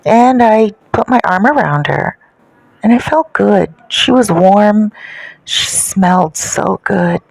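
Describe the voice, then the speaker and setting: Casual gossipy woman telling a dark story. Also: mid-range voice, expressive, slow, gravelly, no room sound, low-quality recording. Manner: casual, gossipy, self-satisfied. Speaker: narrator. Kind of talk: first-person confessional story narration.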